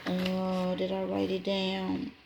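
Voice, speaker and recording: A channel host with a mid-range voice retells a story to viewers in a completely flat, slow delivery with vocal fry, over very noisy audio. Though casual, she speaks emphatically, repeats key points, and calls her audience y'all.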